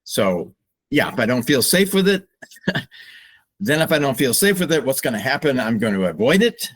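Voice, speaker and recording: An older man, a psychologist guest on a podcast, speaking slowly and reflectively with open emotion. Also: mid-range voice, very animated. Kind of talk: podcast interview.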